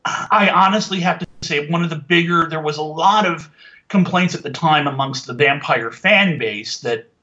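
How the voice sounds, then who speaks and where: A man casually reviewing an old TV show, rambling with many fillers and restarts, getting animated when he complains. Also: a little high, normal speed, muffled recording. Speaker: podcast reviewer.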